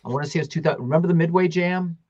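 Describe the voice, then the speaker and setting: A man asking questions in a casual interview, musing aloud and quick to agree. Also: a little high, darkish tone, no echo, lo-fi sound.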